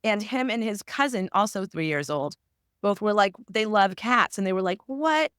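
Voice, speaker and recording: Woman author guest, mid-pitched, earnest and reflective, dry close recording. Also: lively intonation, normal speed, fairly bright tone, clear, resonant tone, dry recording. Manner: earnest and reflective, many fillers. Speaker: guest author and tarot reader. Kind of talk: casual interview conversation.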